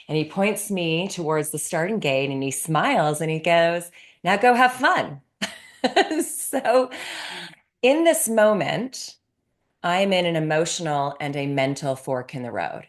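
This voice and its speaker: A middle-aged woman from Canada answers interview questions with the energy of a storyteller. Her voice sits low, and she breaks into laughter as she talks. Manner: animated storyteller, laughs often. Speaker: guest, sports psychologist.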